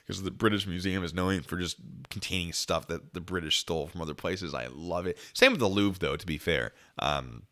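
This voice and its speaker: A man's voice: low-pitched, moderate pace, a bit bright. A man hosting a casual livestream, reading viewer comments aloud in a chatty, jokey way with frequent giggles. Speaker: channel host.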